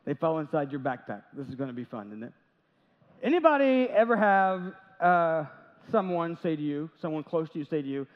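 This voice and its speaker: A man's voice: a little high, very animated, a little fast. A man preaching a sermon as pastor, talking conversationally, with jokes and little acted-out quotes. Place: large church sanctuary. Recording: dull audio with long church reverb.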